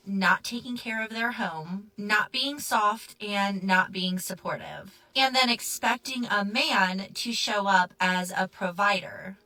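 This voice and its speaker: A woman speaking slowly and deliberately in a bright, forceful voice. She states her opinions earnestly and with emphasis, a little away from the mic. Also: medium pitch, recorded from a distance, low-quality recording. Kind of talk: opinion monologue.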